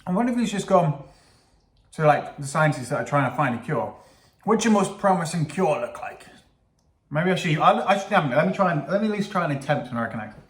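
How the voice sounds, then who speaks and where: A man reacts casually to news clips, sarcastic and swearing, laughing at his own jokes. His voice is fairly high and sing-song, he talks quickly, and the room sounds echoey.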